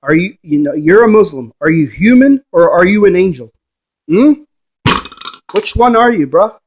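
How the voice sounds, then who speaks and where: This paranormal investigator's voice is high-pitched, animated and a little mellow, moving at normal speed. He gives a rambling, preachy monologue, arguing with the viewer through rhetorical questions.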